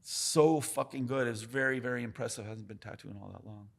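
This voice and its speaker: Tattoo guy on a podcast, blunt, swears a lot, tells stories all animated. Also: mid-range voice, a little fast, gravelly. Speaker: tattoo artist guest. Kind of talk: casual podcast conversation.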